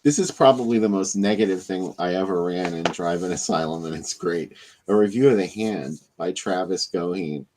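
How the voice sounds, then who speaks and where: A man co-hosting a podcast, chatting in a relaxed, slightly halting way about horror movies and his magazine. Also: low-pitched, noisy background. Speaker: podcast co-host and magazine editor.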